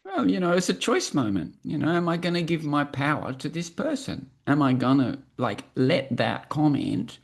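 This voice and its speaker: Gravelly, expressive woman in her sixties. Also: low-pitched. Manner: earnest and measured, with frequent fillers. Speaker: podcast guest. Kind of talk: reflective interview talk.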